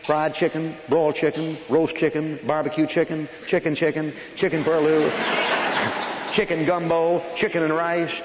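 A man's voice: fairly high pitch, level tone, heavy background noise. A man preaching a folksy, joking sermon in a church hall, rattling off long lists at speed. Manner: folksy, joking, rapid listing. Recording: echoey lo-fi old hall recording.

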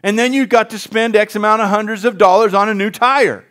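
Male pastor, higher-pitched voice, folksy sermon delivery with call-outs to the congregation. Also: fairly even intonation, a little fast, fairly bright tone. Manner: folksy, asks the congregation for responses.

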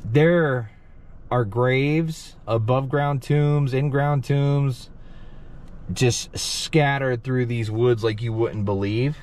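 A man hosting a paranormal vlog, talking in a hushed, halting, emotional way at a cemetery. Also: medium pitch. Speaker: paranormal vlogger host. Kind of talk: casual ghost-hunting vlog commentary. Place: outdoors and in a car at a cemetery.

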